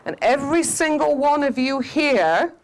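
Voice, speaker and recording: Woman teaching, animated and emphatic. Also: sits high, low-quality recording. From Scottish Highlands. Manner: animated, quizzes the audience, drawn-out emphatic phrases. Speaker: shamanic teacher. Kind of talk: spiritual talk to a festival audience.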